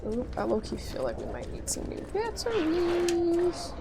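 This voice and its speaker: A woman's voice: extremely high pitch, wildly swooping pitch, a little slow, heavy background noise. A woman streaming a game, chatting casually with viewers, reading their messages aloud and answering with playful mock outrage. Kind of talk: casual gameplay chat with viewers.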